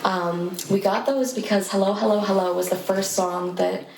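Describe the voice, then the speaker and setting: A woman's voice: mid-range voice, fairly even intonation, moderate pace, vocal fry. A young woman co-hosting a podcast, chatting and telling stories with lots of giggles. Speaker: podcast co-host. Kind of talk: casual chat. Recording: echoey room with faint noise.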